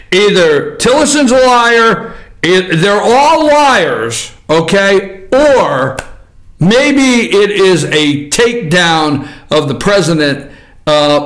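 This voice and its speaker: Male host, high-pitched, combative ranting commentator who shouts and then mutters. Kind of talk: political commentary monologue.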